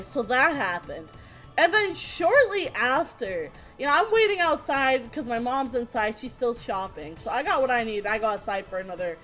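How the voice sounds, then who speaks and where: A young adult woman telling a casual storytime, animated, laughing often, swearing freely and acting out the people she quotes. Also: high voice.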